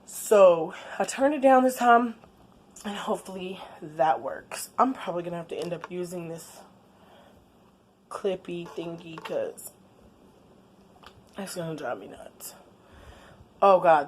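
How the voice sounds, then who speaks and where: A woman, chatting casually in a late-night home vlog, laid-back with quiet asides. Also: lowish voice. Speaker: vlogger. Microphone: camera on a stand.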